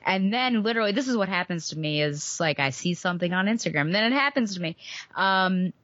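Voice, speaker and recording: A woman with a slightly low voice chats freely about books, circling her points with "like" and "um." Her voice sounds dry and a little dull, as on a lo-fi podcast. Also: expressive, fast, a bit bright, dry recording. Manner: chatty, rambling with "like" and "um". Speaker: podcast co-host. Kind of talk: casual book-club chat.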